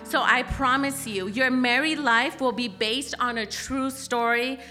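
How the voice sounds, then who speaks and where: High, bright-voiced woman telling a lively story. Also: a little slow, soft background music. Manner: animated, laughing storyteller with many "like"s and "okay?". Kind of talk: storytelling in casual talk.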